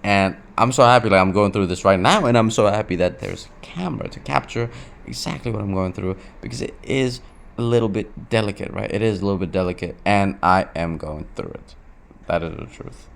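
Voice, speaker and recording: In a confessional vlog, a young man with a lowish, gravelly voice speaks fairly quickly to his camera. He's restless and emotional, swears, repeats himself, and keeps dropping "bro."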